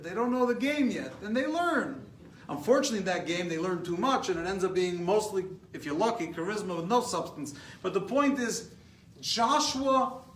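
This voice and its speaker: Animated high-voiced American rabbi teaching. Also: male voice. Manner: animated, repeats words when excited, laughs at his own stories. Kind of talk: lively classroom lecture with Q and A. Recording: echoey room, mic at a distance, faint hiss.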